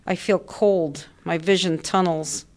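A woman's voice: lowish voice, fairly even intonation, takes it slowly. Woman reading her own story aloud. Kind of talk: first-person story reading.

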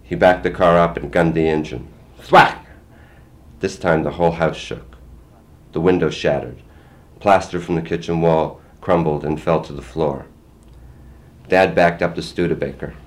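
An older man reads a first-person story in a plain, measured way. His voice sits extremely low and deep. He tells it steadily, line by line. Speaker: memoir reader.

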